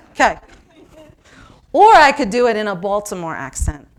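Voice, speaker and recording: A woman from New York leading an interactive seminar, talking lively and asking the audience questions. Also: medium pitch, normal speed, pauses often. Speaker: workshop presenter.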